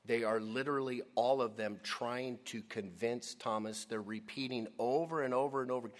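Animated, emphatic male preacher. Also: medium pitch, fairly quick, hardly any pauses. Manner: animated, emphatic, addresses audience as "gang". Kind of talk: sermon.

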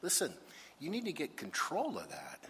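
A man's voice: a little high, wildly swooping pitch, normal speed, bright, forceful tone, a little hiss or hum. A man preaching a sermon as a pastor, emphatic and full of rhetorical questions. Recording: husky voice with long hall reverb.

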